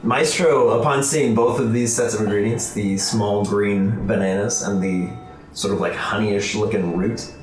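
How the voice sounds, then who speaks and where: A man narrating a tabletop game as game master, unhurried and full of fillers. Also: fairly low pitch, fairly even intonation. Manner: unhurried, filler-heavy narration with character voices. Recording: echoey room from far off with music.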